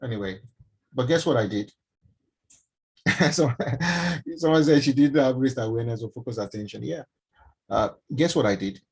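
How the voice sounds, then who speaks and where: A middle-aged Nigerian man with a Nigerian accent, a doctor telling a personal story to an online audience in an emphatic, animated way. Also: mid-range voice, moderate pace, creaky, long pauses, breathy edge, rough recording. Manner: emphatic, animated, addresses listeners directly. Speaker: doctor and mentorship speaker. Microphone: online stream from home.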